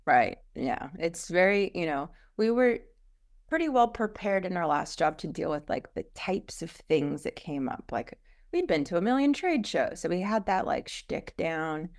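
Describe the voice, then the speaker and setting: Woman guest, gravelly voice, a bit low, chatty w lots of likes and ums. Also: lively intonation. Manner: chatty, frequent fillers, quick asides. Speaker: guest, business co-founder. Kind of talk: casual interview chat.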